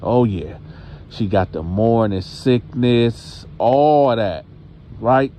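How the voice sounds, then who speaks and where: Slow, animated male storyteller. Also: medium pitch. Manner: animated, conversational, addresses the audience directly. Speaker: storyteller host. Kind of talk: casual storytelling.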